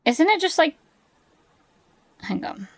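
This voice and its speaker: A woman's voice: sits high, very animated, takes it slowly, no echo. A woman in her twenties streaming from home, chatting casually with her chat, swearing freely and poking fun at herself. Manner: chatty, swears often, self-deprecating, laughs easily. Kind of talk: casual chat reading chat aloud.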